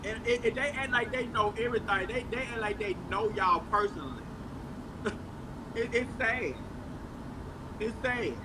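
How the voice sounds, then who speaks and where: A male livestream host with a very high voice talks in a heated way and often restarts his words. Clear noise and passing vehicles sit behind his voice. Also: moderate pace, long pauses. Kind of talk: casual livestream talk.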